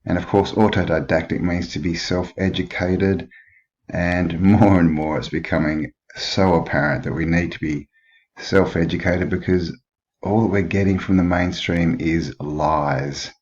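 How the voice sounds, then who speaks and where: A man's voice: sits low, steady tone, a little slow, a little mellow, lo-fi sound. A man hosting a casual history commentary, chatty and questioning, with frequent filler words. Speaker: channel host.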